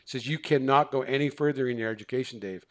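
A man's voice: medium pitch, fast. A middle-aged man, a counselor and podcast guest, telling a story conversationally, acting out quoted dialogue with many restarts and fillers. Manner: animated, acts out quoted dialogue.

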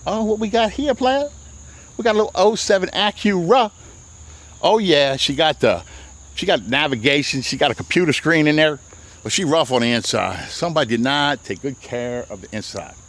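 A man, a used car dealer walking his outdoor lot and giving a playful, slangy sales pitch. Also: fairly bright tone. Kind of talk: walk-around sales pitch.

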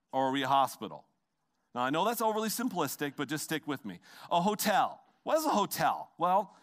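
A middle-aged pastor preaching in a church, talking to his congregation like he's chatting with friends. His voice sits a bit high for a man and swings up and down with lively energy. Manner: animated, conversational preaching with asides to the congregation. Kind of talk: sermon. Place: church sanctuary.

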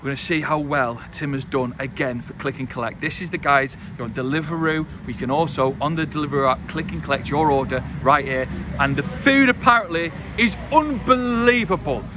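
Excitable man on a noisy street. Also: a little high, brisk, few pauses. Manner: excitable, enthusiastic. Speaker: food reviewer host. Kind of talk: casual food vlog. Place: outdoors by a car on a street. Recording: noisy street with passing traffic.

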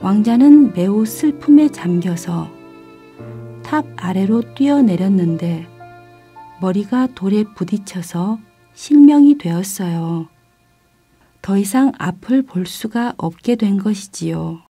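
A woman narrating a children's storybook at a brisk, rapid pace. Her voice is dark and mellow. Soft violin music plays quietly beneath her. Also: medium pitch, lively intonation, breathy edge.

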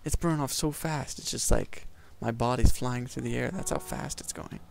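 This is a young gameplay commentator offering loose, jokey, self-mocking let's-play chatter. His medium-pitched voice is slightly mellow with vocal fry, paced moderately, and there is slight background noise.

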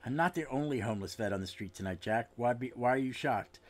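Man reading as a calm homeless old veteran. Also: mid-range voice, fast talker, close to an everyday voice. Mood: firm.

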